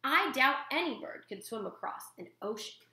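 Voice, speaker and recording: A woman voicing a patient female robot mother who speaks in a measured, formal way. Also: high-pitched, expressive, pushed and bright, roomy sound. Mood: instructive.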